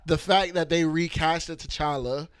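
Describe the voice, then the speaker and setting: A man's voice: on the high side, steady tone, unhurried, clean tone. A man co-hosting a casual podcast chat, rambling and slangy, often restarting his sentences. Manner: rambling, restarts a lot, laid-back slangy. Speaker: podcast co-host.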